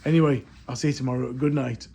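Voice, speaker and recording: Over loud street and crowd sounds, a travel vlogger talks in a chatty, self-mocking, jokey way, though he sounds tired. His voice is gravelly and medium in pitch, quick-paced with fairly even intonation.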